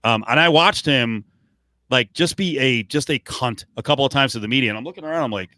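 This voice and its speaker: A man's voice: mid-range voice, fairly quick, sharp tone, dry recording. A man co-hosting a podcast, rambling through casual sports talk with lots of fillers, restarts and swearing. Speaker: podcast co-host.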